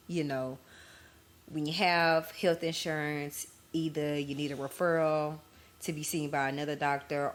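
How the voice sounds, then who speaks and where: A woman hosting her own podcast, telling her story candidly in casual chat to her listeners. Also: low voice. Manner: candid, conversational, addresses listeners as y'all. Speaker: podcast host.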